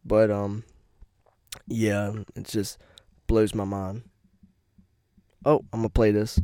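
A man's voice: level tone, slow, mellow, clean tone, no echo, clean studio sound. A man hosting a podcast in casual chat, laid-back and laughing often. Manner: laid-back, laughs often, drops into deep put-on voices. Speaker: podcast host.

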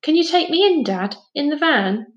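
A woman's voice: high voice, animated, moderate pace, echoey room, muffled recording, voice pushed up. A woman doing an urgent, eager young boy. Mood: insistent. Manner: urgent and pleading.

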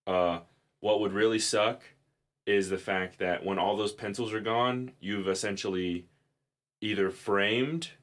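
Brief: male podcast host, somewhat low voice, loose rambling chat with laughs and swearing. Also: steady tone, a little slow, a bit bright. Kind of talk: casual chat.

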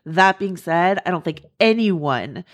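A woman hosting a podcast, talking quickly and casually with lots of fillers. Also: on the low side, lively intonation. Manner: quick, chatty, many fillers. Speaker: podcast host. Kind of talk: casual panel chat.

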